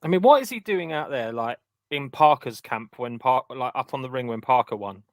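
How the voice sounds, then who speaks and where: A man's voice: medium pitch, expressive, normal speed, dry recording. Male panelist, dry sarcasm, close dry mic. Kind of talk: casual podcast banter.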